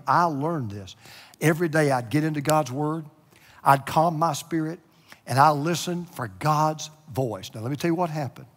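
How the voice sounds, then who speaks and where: Man preaching a sermon, hushed to loud. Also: on the high side. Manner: emotional, swings from hushed near-whispers to loud preaching. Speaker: pastor. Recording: echoey hall with long reverb.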